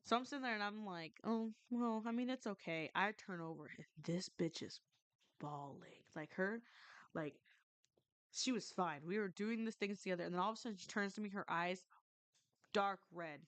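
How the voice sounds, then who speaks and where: A woman's voice: on the low side, moderate pace, fairly bright tone, dry recording. Rambling woman telling a ghost story. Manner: rambling, many likes and restarts, swearing. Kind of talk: casual storytelling.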